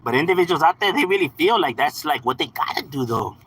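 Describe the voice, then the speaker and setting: A man's voice: fairly high pitch, lively intonation, fast, a bit bright, slight background noise, poor audio. A man on a casual livestream, talking to his chat in slang and profanity, often saying "bro" and "homie" and laughing as he talks. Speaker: live streamer.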